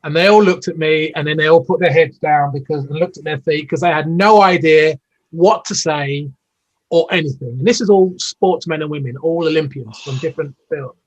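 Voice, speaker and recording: Heard through dull audio, this former Olympian from the United Kingdom, now in his fifties, speaks on the high side at a moderate pace. He's a guest in a casual interview, telling long, rambling stories with plenty of fillers and restarts.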